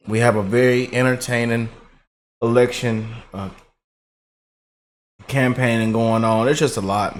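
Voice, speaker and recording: A political commentary vlogger talks to his viewers in a casual, rambling way, laid-back and drawling, repeating "man" and calling them "y'all." His voice is on the low side, with slight background noise.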